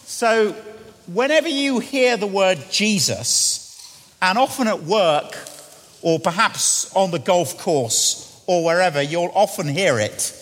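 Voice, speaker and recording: A middle-aged man preaching a sermon, often questioning the congregation and sinking to quiet, hushed lines. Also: high voice, lively intonation, slow pace. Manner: asks the congregation questions, drops to quiet near-whispers. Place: church. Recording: long church reverb.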